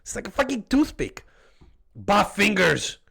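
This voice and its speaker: A man, not a native English speaker, chatting excitedly and laughing through live gameplay commentary. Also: high-pitched, a little slow, vocal fry, husky. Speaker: streamer.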